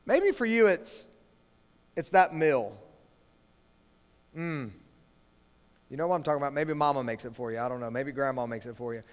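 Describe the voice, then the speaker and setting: A man preaching to students as youth pastor, swinging from hushed lines to loud, emphatic ones. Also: mid-range voice, fast. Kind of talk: sermon to students. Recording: long reverb of a large hall.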